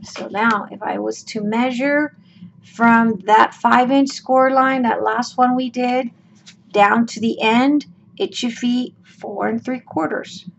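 A woman with a high, steady voice hosts a craft tutorial, talking slowly and casually through each step even though her voice sounds worn out. She's chatty and folksy with lots of ums and okays, and the lo-fi recording is dull with clear room noise.

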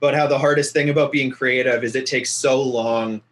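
A man's voice: mid-range voice, fairly even intonation, brisk. A man from near Winnipeg hosting a casual podcast, telling stories about himself with a self-mocking manner and frequent laughs. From near Winnipeg, Canada. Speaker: podcast host.

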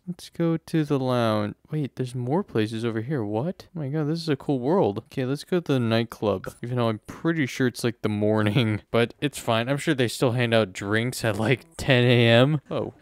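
A man's voice: medium pitch, darkish tone. A man giving casual, exasperated and joking running commentary while playing a life-simulation game. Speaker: gaming YouTuber.

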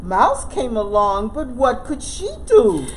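A woman children's librarian reading a picture book aloud, expressive and slow. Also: a little high, a little hiss or hum, low-quality recording. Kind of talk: storybook read-aloud narration.

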